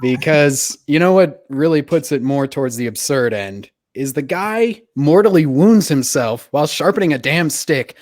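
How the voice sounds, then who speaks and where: A man's voice: a little high, expressive, moderate pace, few pauses, a little mellow, dry recording, clean studio sound. A man appearing as a guest on a casual movie podcast who talks in a laid-back way and laughs easily.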